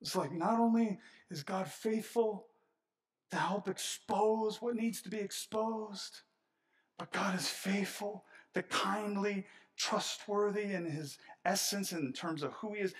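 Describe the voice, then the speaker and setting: A middle-aged man preaching a sermon as pastor, animated and swinging between hushed and loud passages. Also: high-pitched, a little slow.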